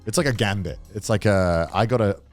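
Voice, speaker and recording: A man's voice: on the low side, brisk, soft background music. A man hosting a podcast, telling a story casually and laughing as he goes. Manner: animated, laughing storyteller, restarts often. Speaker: podcast host.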